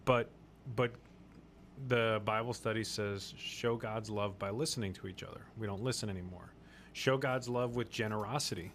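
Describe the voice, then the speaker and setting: A man's voice: on the low side, fairly even intonation, moderate pace, a bit bright, slight background noise. A man hosting a faith-based podcast discussion, talking in an earnest, preachy way and repeating phrases for emphasis. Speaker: podcast host.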